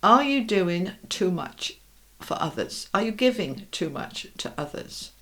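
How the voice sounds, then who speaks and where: A woman's voice: on the low side, very animated, measured pace, fairly bright tone. A middle-aged woman giving a tarot reading. She is direct and reassuring, asks rhetorical questions and keeps checking in with "okay?" and "all right?". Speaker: tarot reader. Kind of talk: tarot card reading to camera.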